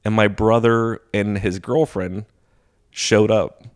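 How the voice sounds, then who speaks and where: Young adult male stand-up, relaxed podcast guest, lowish voice, animated storyteller who plays out other people's lines. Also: slow. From Texas. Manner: animated, laughs while telling stories, acts out quoted voices. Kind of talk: casual storytelling chat.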